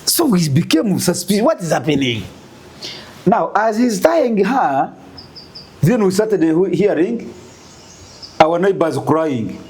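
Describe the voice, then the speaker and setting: A Ugandan man telling a story in an interview, animated and full of rhetorical questions. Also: high voice, takes it slowly, husky. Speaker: guest.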